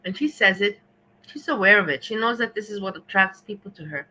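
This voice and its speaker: A woman giving measured, reflective commentary on a stream, slightly disapproving. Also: mid-range voice, sharp tone, low-quality recording. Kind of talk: casual commentary.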